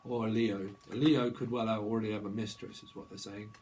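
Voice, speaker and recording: A man's voice: on the low side, flat delivery, fairly quick, darkish tone, slight background noise, rough recording. A middle-aged man giving a casual tarot reading, rambling and free-associating from one idea to the next. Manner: rambling, free-associating, drifts into playful voices. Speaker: tarot reader.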